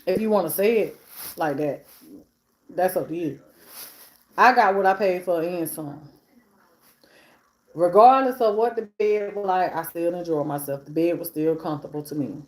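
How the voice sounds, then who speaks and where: A woman with a lowish, slightly mellow voice hosts a live stream, chatting casually at normal speed with frequent pauses. She talks between bites of food and stacks repeated phrases for emphasis, and the room sounds echoey.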